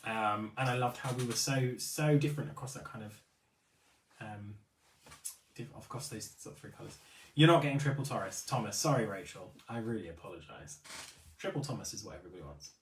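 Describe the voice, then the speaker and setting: A man's voice: fairly low pitch, brisk, roomy sound, recorded from a distance, slight background noise. A man hosting a live stream for a beauty retailer, chatting casually, reading out viewer comments and often apologising. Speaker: livestream host for a beauty retailer.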